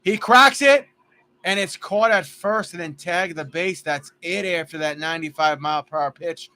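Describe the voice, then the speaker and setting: A man doing casual play-by-play for a fan livestream, chatty and jokey, drifting into stories between pitches. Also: normal speed, bright, forceful tone.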